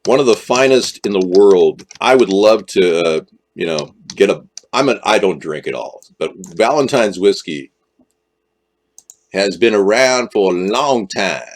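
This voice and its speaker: Rambling man live-streaming with lively pitch. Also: a little slow. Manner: rambling, jokey, jumps into exaggerated voices. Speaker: livestream host.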